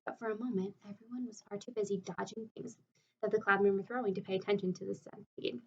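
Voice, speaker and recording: Expressive woman reading a children's book. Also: medium pitch, fast, gravelly, recorded from a distance, lo-fi sound, slight background noise. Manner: expressive storytelling. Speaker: narrator. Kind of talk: audiobook reading of a children's novel.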